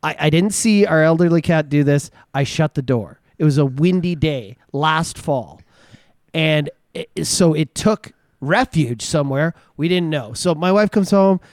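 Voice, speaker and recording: Man, casual podcast co-host, rambling storyteller, higher-pitched, dry close-mic sound. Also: measured pace, no echo. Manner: chatty storyteller, lots of fillers and restarts.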